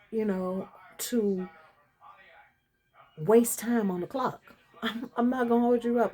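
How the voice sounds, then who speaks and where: A woman's voice: medium pitch, a little mellow. Middle-aged woman, casual home vlog monologue, chatty, emphatic, laughs easily. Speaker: vlogger caring for her mother-in-law.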